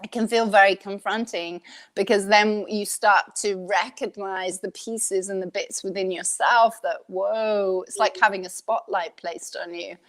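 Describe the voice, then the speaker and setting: A woman's voice: mid-range voice, fairly even intonation, unhurried. A woman hosting a casual coaching talk, earnest and frank, laughing often and swearing mildly. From Australia. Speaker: host, life coach. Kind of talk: casual conversational podcast chat.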